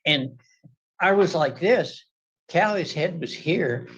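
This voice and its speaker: A man testifying at a court hearing, telling his side with lively acted-out quotes of shouting. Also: fairly high pitch, takes it slowly, husky, rough recording. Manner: animated, acts out quoted shouting.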